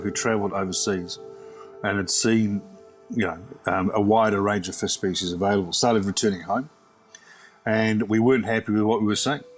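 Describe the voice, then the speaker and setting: Fast-talking New man, rambling. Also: fairly low pitch. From New Zealand. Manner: rambling, many fillers and restarts. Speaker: chef turned fishmonger. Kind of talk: conversational interview answer.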